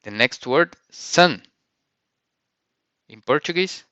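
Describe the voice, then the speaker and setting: A man's voice: mid-range voice, slow, pauses often, bright, forceful tone, clean tone, dry recording, dull audio. A man teaching a vocabulary lesson, saying each word and repeating it with careful pronunciation. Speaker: language teacher.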